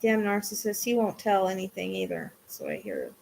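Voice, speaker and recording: A woman doing a live-streamed psychic reading, excitable, swinging between hushed asides and loud exclamations. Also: medium pitch, brisk, creaky, slight background noise.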